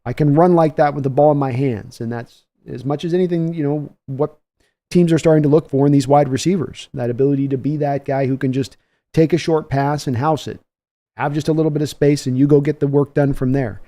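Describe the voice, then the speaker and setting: A man's voice: fairly high pitch, fairly quick, mellow. A man hosting a live stream, giving casual play-by-play commentary and chatting with viewers between plays. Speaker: livestream host giving play-by-play reaction.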